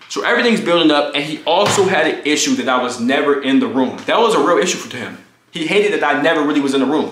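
A young man casually telling a profane, animated story about his college roommate, acting out what people said. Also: roomy sound. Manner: animated, profane, acts out quotes in high voices. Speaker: storytime vlogger.

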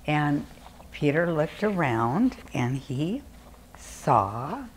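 An older woman reading a children's story aloud with expressive, animated delivery. Her voice sits low but moves a lot in pitch, and she takes her time. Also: very slow, a little hiss or hum.

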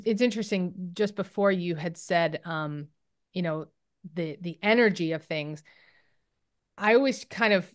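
A woman's voice: fairly low pitch, smooth. A woman occupational therapist explaining her work in a casual interview, thoughtful with many fillers and restarts.

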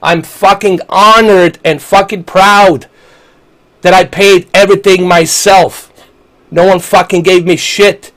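A man's voice: sits high, fairly even intonation, slow pace, a bit bright. A man, ranting angrily and profanely while live-streaming a game. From Bosnia. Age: 40s. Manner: angry, profane, combative.

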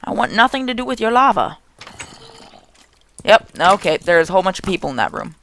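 A young man hosting a gaming channel, giving jokey, excitable let's play commentary and talking to the game's monsters. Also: high-pitched, brisk, vocal fry, a little hiss or hum.

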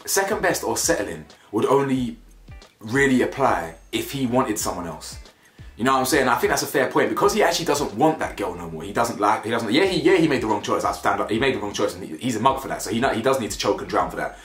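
A reality TV reviewer with a lowish, sing-song voice talks quickly and fairly brightly, offering blunt, slangy opinions on a reality show and repeating himself for emphasis. It's casual, opinionated commentary recorded in an echoey room with faint music behind him.

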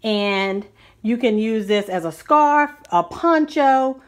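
A woman's voice: medium pitch, takes it slowly. A woman chatting casually in a fashion vlog from her bedroom at home, slightly out of breath and often apologizing to her viewers. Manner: chatty, apologetic, addresses viewers as guys and y'all. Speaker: vlogger.

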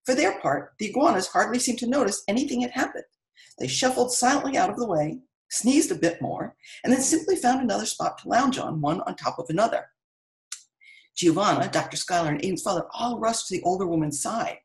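A woman's voice: medium pitch, lively intonation, fairly quick, poor audio. A middle-aged woman, an author reading her story aloud expressively and then chatting with viewers of a live stream.

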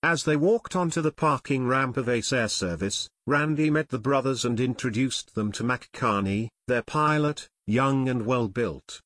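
Male audiobook narrator, steady, mid-pitched, dry close studio sound. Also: moderate pace, few pauses, no echo. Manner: steady storytelling. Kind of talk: scripted narration.

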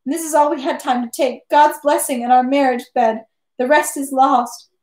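A woman voicing a distraught middle-aged mother who pleads and wails in a high, shaky voice. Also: steady tone, normal speed, a little mellow, reverberant, natural voice. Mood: sobbing.

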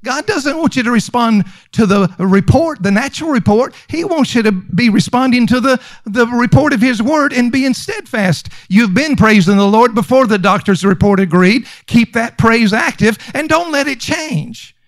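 A man's voice: very high-pitched, lively intonation, moderate pace, few pauses, no echo. A man preaching a sermon as pastor, emphatic and conversational, repeating lines for stress. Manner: conversational with fillers and restarts.

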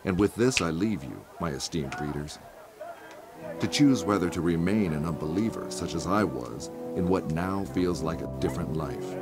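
A solemn adventurer who reads his closing words slowly and gravely in a game cutscene. The voice is very deep, and loud music plays underneath it. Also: lively intonation. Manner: solemn, measured. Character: adventurer man reading a solemn closing letter. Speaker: narrator of game ending.

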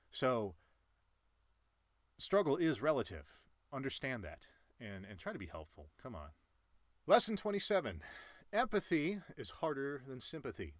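A man in his late twenties talking earnestly and emphatically about life lessons, with sudden loud jumps in pitch. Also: dry recording. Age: late 20s. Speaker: cartoon channel creator. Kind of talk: personal life-lessons monologue.

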